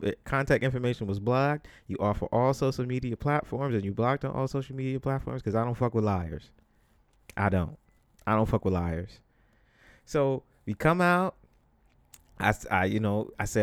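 Animated New man telling stories. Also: mid-range voice, brisk, no echo, studio quality. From the Bronx, New York. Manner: animated, emphatic, swears freely, slangy. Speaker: podcast host. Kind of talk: casual storytelling monologue.

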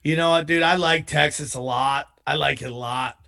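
A man's voice: on the high side, fairly even intonation, normal speed, vocal fry, sharp tone. A man hosting a podcast in casual, laid-back chat, calling everyone "dude". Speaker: podcast host.

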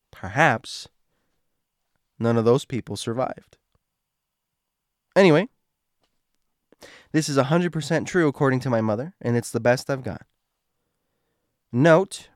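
A man hosts a show and reads a creepy true story post, stumbling here and there and inserting his own comments. He has a smooth, mid-range voice on a dry recording with clean studio sound.

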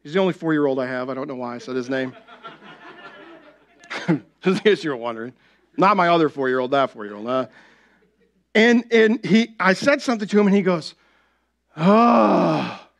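A man's voice: on the high side, expressive, a little fast, pauses often. A young adult man preaching a sermon as pastor, talking conversationally and often asking the congregation "right?".

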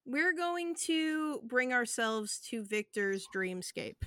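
A woman's voice: on the high side, animated, takes it slowly, sharp tone, smooth, no echo. A woman running a tabletop game as game master, narrating in a vivid, descriptive way with some fillers.

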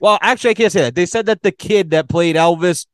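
A man's voice: high voice, fast, smooth, dry recording, clean studio sound. A man in casual podcast conversation, telling rambling stories full of swearing. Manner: swears often, rambling storyteller.

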